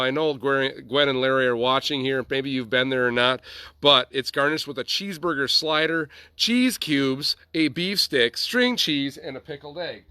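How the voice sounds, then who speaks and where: A man's voice: medium pitch, pushed and bright. A man, hosting a casual show and rambling through a story with chatty asides. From Wisconsin. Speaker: host. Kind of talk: casual chat.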